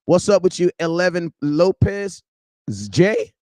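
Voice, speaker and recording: A young man hosts a casual livestream, greeting viewers one by one in loose, slangy talk. His voice sits a bit high for a man, and the sound is close and dry with no room around it. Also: fairly even intonation, measured pace, clean tone, no echo. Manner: shouts out viewers by name, slangy and loud. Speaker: livestream host.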